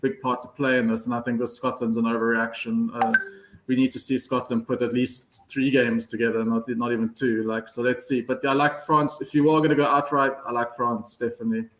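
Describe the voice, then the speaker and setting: A man's voice: medium pitch, little pitch movement, a little fast, fairly bright tone, slight background noise. Hesitant man in an echoey room. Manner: hesitant, many restarts. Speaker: rugby betting panelist. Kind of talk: casual panel chat.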